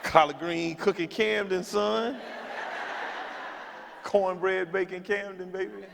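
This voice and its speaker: A man voicing a boy bragging about his Southern hometown in boastful rhyming lines, pitched well above his own voice, in a reverberant hall with background noise. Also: steady tone, takes it slowly, gravelly, heavily acted.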